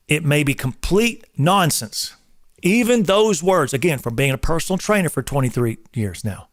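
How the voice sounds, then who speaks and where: Man in his forties, emphatic, drill-instructor manner, fairly high voice, dry close sound. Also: dry recording. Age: 40s. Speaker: host and personal trainer. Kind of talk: casual preaching talk.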